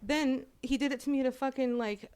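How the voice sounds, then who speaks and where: Podcast co-host, woman in her 30s, swears a lot, lively storyteller who laughs easily. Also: high voice, slight background noise. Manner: profane, animated, quick to laugh. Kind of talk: casual storytelling chat.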